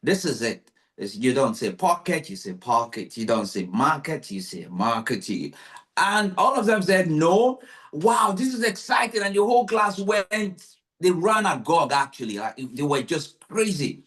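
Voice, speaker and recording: A man hosting a podcast, telling stories in lively casual conversation and acting out the people he quotes. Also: high-pitched, moderate pace. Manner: animated storyteller, acts out quotes.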